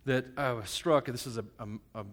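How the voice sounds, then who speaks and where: A man preaching a sermon at a church service. He speaks in a plain, conversational, joking way, dropping to a hush one moment and shouting the next. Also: medium pitch, moderate pace. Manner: self-described plain and a bit crass. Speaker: pastor. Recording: long hall reverb.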